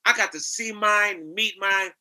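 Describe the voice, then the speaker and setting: This singer and actor from New York, appearing as a guest, unhurriedly spins animated, casual stories and impersonates the people in them. His voice sits high for a man, with a very bright, forceful sound.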